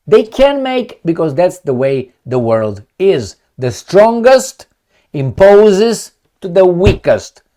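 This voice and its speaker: Lively emphatic male commentator. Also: high voice. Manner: emphatic, sarcastic, rhetorical questions. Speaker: political commentary host. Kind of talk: opinionated solo commentary.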